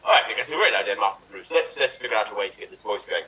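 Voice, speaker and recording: A polite, deferential old butler, put on by a man with a bright, lively voice. It sounds picked up from a distance, with faint noise behind it. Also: lowish voice, rapid-fire. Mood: dutiful. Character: loyal old male British butler.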